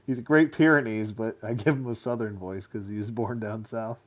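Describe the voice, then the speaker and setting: Laid-back male toy collector, lowish voice, chatty and goofy. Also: steady tone, fairly quick. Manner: chatty, goofy, hums silly rhymes. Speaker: toy collector reviewing action figures. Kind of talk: casual hands-on review.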